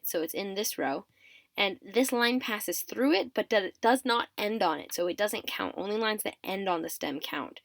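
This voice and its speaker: A woman's voice: mid-range voice, a bit bright, no echo. A woman teaching a writing system step by step, counting items aloud, correcting herself, and sounding a little sleepy. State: sleepy, yawning. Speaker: teacher of a constructed script. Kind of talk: step-by-step explanatory tutorial.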